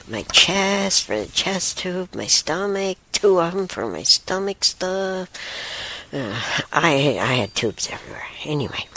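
A woman telling a personal story and teaching about spirits slowly, with halting pauses and a voice that slips into a breathy whisper. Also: a bass voice, fairly bright tone. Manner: drifts into a breathy whisper often; halting, with many restarts and pauses.

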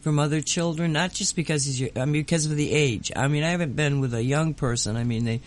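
A man hosts a relaxed interview, probing with his questions and teasing his guest. His voice sits a little high for a man. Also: fast talker. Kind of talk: conversational interview.

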